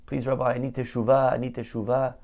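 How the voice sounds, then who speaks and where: A man's voice: mid-range voice, little pitch movement, fast talker, creaky, darkish tone, muffled recording, lightly acted. A man voicing a panicked, sheepish religious man who stammers and pleads as he confesses to a rabbi. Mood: sheepish pleading.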